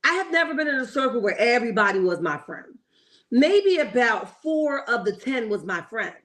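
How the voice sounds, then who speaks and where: A woman's voice: on the high side, very animated, normal speed, fairly bright tone. A woman hosting a casual reality TV commentary livestream, opinionated and chatty, greeting viewers in the chat and checking in with "okay?".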